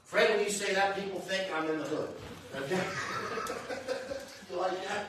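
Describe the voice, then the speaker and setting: A man's voice: high voice, measured pace, noisy background. A man hosting a live show, chatting loosely with guests and filling gaps with asides. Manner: rambling, chatty, lots of "you know what I mean". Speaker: host. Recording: very echoey hall from far off.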